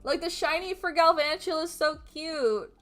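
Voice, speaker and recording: Woman, streamer, casual rant, lively and swearing, clear bright tone, soft music underneath. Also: high voice, moderate pace. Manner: animated, swearing, laughing, quoting people in mock voices. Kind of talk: casual chat while drawing on stream.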